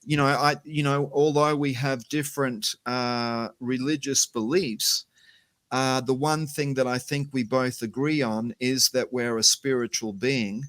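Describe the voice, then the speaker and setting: Slow-talking man, smooth voice. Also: medium pitch, fairly even intonation, fairly bright tone, no room sound. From Australia. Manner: slow, hesitant, many fillers. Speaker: guest, company CEO. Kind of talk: casual interview chat.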